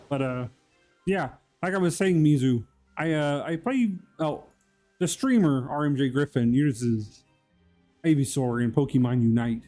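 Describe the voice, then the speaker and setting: A man putting on a meek frog puppet, flustered, apologetic, rambling, slightly raised pitch, mellow tone, faint music behind. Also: close to an everyday voice. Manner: rambling, keeps apologizing to chat. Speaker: streamer. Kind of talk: live stream chat.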